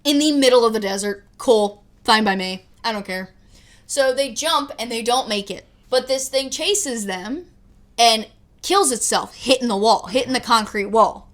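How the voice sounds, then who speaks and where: Higher-pitched woman retelling a film. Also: normal speed. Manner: lively retelling with frequent laughs and swearing. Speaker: podcast co-host. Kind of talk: casual movie review chat.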